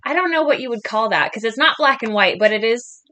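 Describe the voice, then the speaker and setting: A woman co-host in casual conversation, rambling and hesitating as she looks for the right words. Her voice sits a little high. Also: expressive, brisk, sharp tone, a little hiss or hum. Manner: rambling, hesitant, laughs often. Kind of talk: casual chat.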